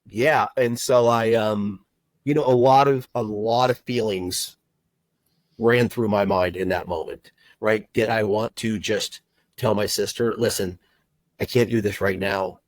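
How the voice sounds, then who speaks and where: A middle-aged man telling his personal story as a podcast guest, heartfelt and halting, with many fillers and restarts. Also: fairly low pitch, fairly even intonation, no echo, poor audio. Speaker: guest, recruiter and agency owner.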